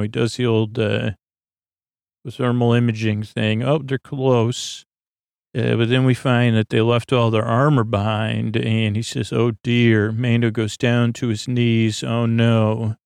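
A man hosting a sleep podcast, retelling an episode in a meandering, halting way full of fillers and quoting the characters in his own low-key voice. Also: creaky, no echo, clean studio sound. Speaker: podcast host. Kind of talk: rambling bedtime recap of a TV episode.

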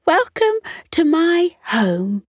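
A woman's voice: on the high side, wildly swooping pitch, takes it slowly, no echo, clean studio sound, voice pushed up, full character voice. A woman voicing a cheerful, proper mother stoat, cheery in manner.

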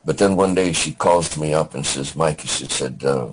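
An older man, a veteran guest, telling his war memories in a halting, plainspoken way with many restarts. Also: rumbling low, slight background noise, rough recording.

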